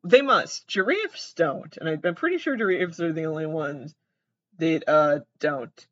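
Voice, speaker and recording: Using only a device's built-in mic, a young adult comedian vlogger rambles casually while giggling often and swearing freely. The mid-range voice is fairly bright, with lively intonation and a measured pace, and the recording is dry, dull, and lo-fi.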